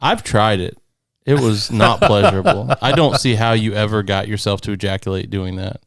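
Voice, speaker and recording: A man's voice: on the low side, normal speed, no room sound, studio quality. A young man co-hosting a podcast, making wry teasing quips in casual chat. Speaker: podcast co-host.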